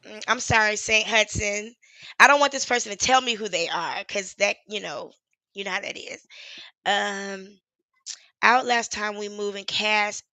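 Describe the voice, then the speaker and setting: An activist from Charlotte, USA hosts a casual live stream in a bright, forceful, medium-pitched voice. The recording is rough but has no echo, and she talks candidly and emotionally, swearing freely and laughing often.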